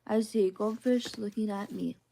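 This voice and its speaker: In this soft ASMR bedtime reading, a woman with a warm, mellow, mid-range voice reads picture books for children. Her gentle, sing-song delivery keeps a steady tone at a moderate pace.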